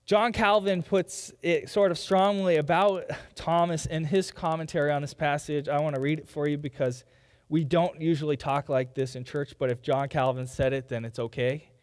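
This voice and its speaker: A man's voice: a little high, steady tone, moderate pace, big-room sound. A man preaching a sermon as pastor, in a conversational way, sometimes mimicking doubters. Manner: conversational, quoting skeptics in mock voices. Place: church sanctuary.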